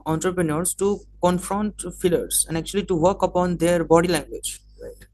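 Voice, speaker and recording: A man's voice: high-pitched, steady tone, brisk, a little mellow, a little hiss or hum. A man hosting an interview, asking questions hesitantly with lots of filler words and calling the guest sir. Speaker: interview host, mindset coach.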